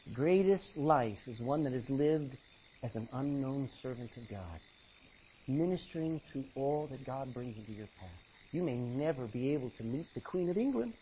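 A man preaching a sermon, acting out Bible characters and swinging between hushed and loud delivery. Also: medium pitch, expressive, normal speed, dull audio, slight background noise. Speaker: pastor.

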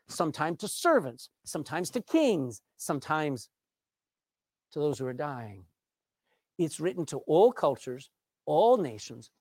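A man preaching with a voice that leaps up and down in pitch, pausing for effect and stretching key words. The sound is close and dry. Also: dark tone, dry recording. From Texas. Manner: emphatic, with dramatic pauses and drawn-out words. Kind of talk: sermon.

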